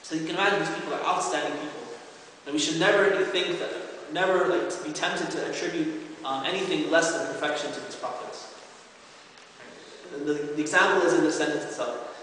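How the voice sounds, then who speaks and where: A man's voice: fairly high pitch, steady tone, fairly quick, fairly bright tone, recorded from a distance, a little hiss or hum. A man giving an earnest, explanatory religious lecture to a congregation, often checking in with his listeners. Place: large hall at an Islamic center. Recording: very echoey hall with long reverb.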